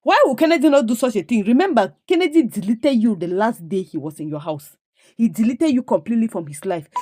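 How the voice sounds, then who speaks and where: A woman's voice: mid-range voice, warm tone, no echo, studio quality. A woman with a Nigerian accent retelling a comedy series episode in a chatty style, asking her listeners questions and adding moral asides. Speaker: movie recap narrator. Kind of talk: casual storytelling recap.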